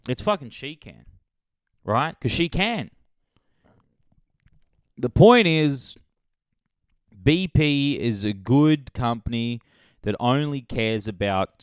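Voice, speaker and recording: A man hosting a comedy podcast, rambling through a sarcastic movie pitch in a deadpan way, with sudden loud jumps. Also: clean tone, no room sound, studio quality.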